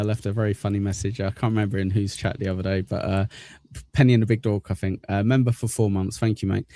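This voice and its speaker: A man's voice: fairly low pitch, mellow, no room sound, clean studio sound. A man hosting a livestream, chatting casually as he thanks channel members, rambling and self-deprecating. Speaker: livestream host.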